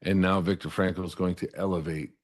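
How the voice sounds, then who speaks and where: Middle-aged guy with a really low voice, earnest, tells his story, keeps saying "right?". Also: fairly even intonation, fairly quick. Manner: earnest, repeats words when starting a thought, asks "right?" after points. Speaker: interview guest. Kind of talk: candid personal storytelling.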